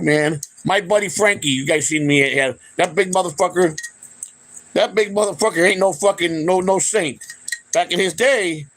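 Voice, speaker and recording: A man's voice: on the high side, low-quality recording. A middle-aged man from Chicago, the host of his own channel, tells personal stories off the cuff, cursing freely and often restarting his sentences. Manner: rambling, profane, with frequent restarts. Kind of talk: unscripted personal storytelling.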